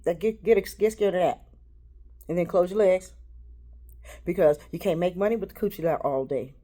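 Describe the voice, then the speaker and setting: Woman, low-pitched, rambling spiritual talk; halting, repetitive, shifts between hushed and loud. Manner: halting, repeats words.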